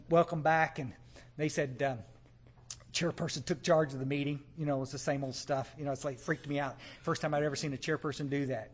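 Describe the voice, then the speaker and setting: A man with a slightly higher voice speaks to a meeting hall crowd. He is folksy and animated, and he keeps checking in with his listeners as he tells his story. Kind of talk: storytelling talk to a live audience.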